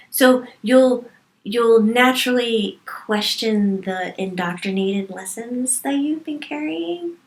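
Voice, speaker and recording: A woman's voice: on the high side, animated, a little slow. A woman speaking as a medium in a channeled spiritual talk, stressing points by repeating words. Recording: roomy echo.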